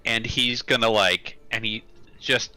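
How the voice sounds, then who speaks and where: A man's voice: medium pitch, fairly even intonation, measured pace, bright, forceful tone, no echo, soft background music. A man playing a tabletop role-playing game, describing his character's actions in a casual, hesitant way with lots of fillers. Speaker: player.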